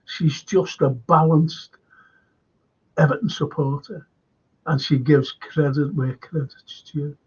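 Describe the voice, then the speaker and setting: A man hosts a live stream and reads viewers' comments aloud in an unhurried, chatty way. His voice sits a little high. The stream audio is dull and lo-fi. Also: fairly even intonation, a little mellow, slightly rough. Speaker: host.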